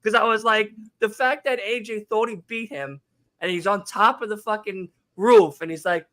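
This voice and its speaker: A man around thirty with a bright, forceful voice, set a little high for a man, talks through a casual podcast chat. He tells his stories animatedly, acts out the quotes and swears freely. The sound is close and dry. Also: fairly quick, dry recording. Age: 30s. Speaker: podcast co-host.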